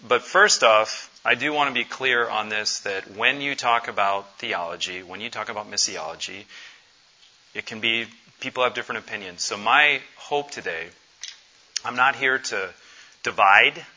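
A man in his forties gives an earnest, conversational conference talk, pausing on fillers as he goes. His voice has a bright, forceful edge. The recording sounds dull and lo-fi. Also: on the low side. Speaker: missions conference speaker.

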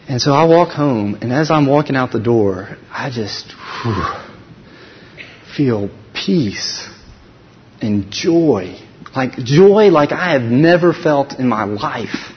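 A man speaking at a conference, telling a personal faith story with lively acted dialogue and frequent restarts. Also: on the high side, slow. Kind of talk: personal testimony talk. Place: large conference hall. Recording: dull recording in a reverberant hall.

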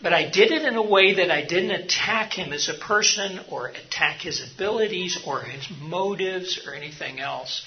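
A man's voice: sits high, moderate pace, few pauses, muffled recording. A middle-aged man teaching a seminar session, earnest and anecdotal, with frequent fillers. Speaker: mission hospital leader teaching a session. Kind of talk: seminar talk.

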